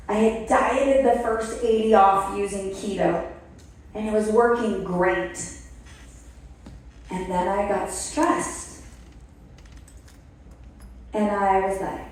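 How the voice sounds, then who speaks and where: A woman speaking to an event audience, telling her own story with animated play-acting of her past reactions. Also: a little high. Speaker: speaker at a wellness product event. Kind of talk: motivational testimonial talk to an audience. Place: event hall. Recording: echoey room, voice from far off the mic.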